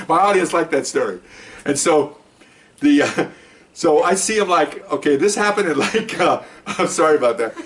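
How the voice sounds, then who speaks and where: An older man, a retired police officer, telling a story in a casual, animated way and acting out the people he quotes. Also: fairly high pitch, moderate pace. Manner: animated, acts out quoted voices.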